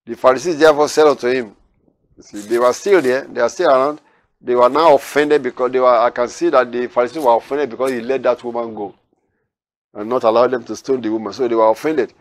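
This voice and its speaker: A man's voice: medium pitch, fairly even intonation, dry recording. Man giving verse-by-verse Bible teaching. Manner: reads scripture aloud, then explains in loose, halting asides.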